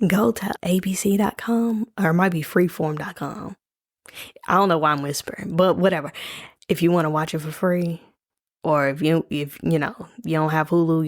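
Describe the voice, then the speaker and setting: At home at night, a woman hosts a casual solo podcast, rambling playfully and calling her listeners "baby" and "y'all." Her mid-range voice is recorded at studio quality with no echo.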